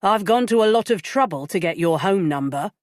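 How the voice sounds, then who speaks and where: A woman's voice: low voice, expressive, unhurried, no echo, studio quality. A woman reading an audiobook, voicing a secretive, insistent man who speaks sharply over the phone. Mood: irritated. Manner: sharp and clipped when irritated. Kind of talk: audiobook character voice.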